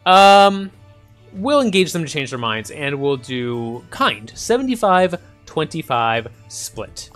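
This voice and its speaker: A fairly high-voiced man talks through his gameplay in a relaxed, rambling way. His pitch moves around animatedly as he thinks aloud, with faint game music underneath. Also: slow. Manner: thinks aloud, chuckling, many ums and uhs. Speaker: gaming channel host. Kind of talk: casual let's-play commentary.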